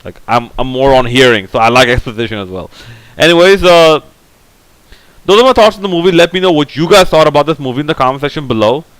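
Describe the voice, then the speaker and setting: A man's voice: on the high side, fast, a bit bright, no echo, rough recording. A man giving a casual, opinionated movie review, rambling and full of fillers. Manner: rambling, heavy on fillers like "like, you know"; blunt, opinionated. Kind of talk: casual film review monologue.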